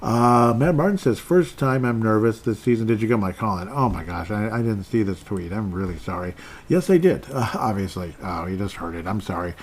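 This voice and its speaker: A man's voice: fairly low pitch, fairly quick, hardly any pauses, a little hiss or hum. A man hosting a solo sports podcast, rambling and grumbling as he reads out listener tweets. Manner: rambling, self-deprecating, grumbling. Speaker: podcast host. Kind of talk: solo podcast chat reading fan tweets.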